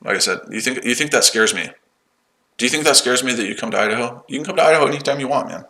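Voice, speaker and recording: A man's voice: medium pitch, racing, bright, forceful tone, low-quality recording. A man hosting a live trading stream from his shed, firing sarcastic, profane comebacks at viewers in the chat. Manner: combative, sarcastic, swears, mocks the chat. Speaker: day-trading livestream host.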